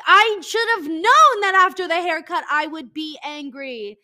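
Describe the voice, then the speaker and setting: High bright-voiced young woman ranting. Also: unhurried. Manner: profane, animated, mock-angry ranting. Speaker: podcast host. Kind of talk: casual comedic rant. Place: home desk. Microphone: headset.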